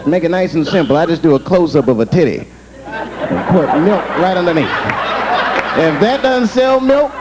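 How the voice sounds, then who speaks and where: Young guy doing stand-up, swoopy animated delivery, noisy live room. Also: on the high side, normal speed. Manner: animated storytelling, slipping into character voices. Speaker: stand-up comedian. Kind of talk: stand-up comedy set. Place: comedy club stage. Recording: live comedy taping with audience. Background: crowd laughter.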